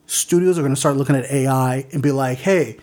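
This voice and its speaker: A man's voice: mid-range voice, steady tone, fast, a little mellow. A man co-hosting a casual podcast, reading news items aloud with lots of fillers and stumbles. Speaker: podcast co-host.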